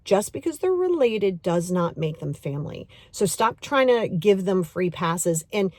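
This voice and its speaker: Woman, middle-aged, breathy voice, podcast host, motivational self-help talk, emphatic, repetitive, direct. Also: medium pitch, very animated, darkish tone, dry recording. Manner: acts out inner voices in quick asides.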